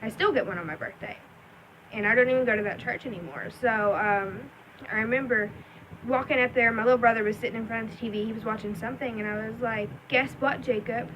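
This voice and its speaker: A woman's voice: a little high, fairly even intonation, fast, fairly bright tone, dull audio, a little hiss or hum. A young adult woman telling a personal story in a rambling, chatty vlog with many ums and likes. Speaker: vlogger.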